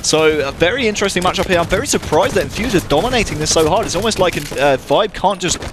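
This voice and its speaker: A man's voice: high voice, expressive, fast, background noise. A man doing analytical esports commentary, talking through team history and stats.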